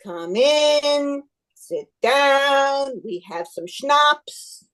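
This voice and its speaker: A woman voicing an old, wise male village rabbi who speaks in broken English with unhurried confidence. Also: sits high, very animated. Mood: sage.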